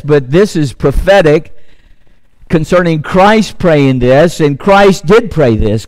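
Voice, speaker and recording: A man delivering a sermon as a pastor, with a voice pitched a little above the usual for men. He drives his points home by repeating key phrases, then eases into relaxed storytelling. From United States. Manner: preaching with rising emphasis, repeating key phrases.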